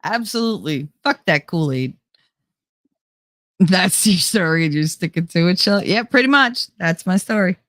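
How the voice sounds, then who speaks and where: A woman's voice: fairly low pitch, lively intonation, normal speed, a bit bright, dry recording, clean studio sound. A middle-aged woman hosting a casual livestream, chatting with her viewers and reading their comments, laughing often and swearing freely. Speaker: livestream host.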